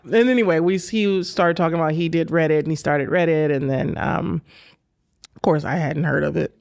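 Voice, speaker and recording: Animated woman telling stories, gravelly edge. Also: low-pitched, normal speed. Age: 40s. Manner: animated, laughing, acts out quoted dialogue. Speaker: interview guest. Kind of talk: storytelling in a casual interview.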